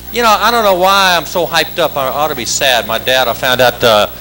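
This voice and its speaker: A man doing a stand-up comedy routine on a club stage, wired and chanting words in rapid-fire repetition. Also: fairly high pitch, bright, forceful tone, soft background music, rough recording. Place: club stage with live audience.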